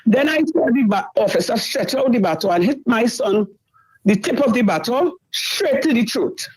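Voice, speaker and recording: This middle-aged caller's voice is fairly high, animated and a little mellow, with a breathy edge, at a normal speed. She shares a distressing story on a talk show, going over things again and again, and the recording quality is low.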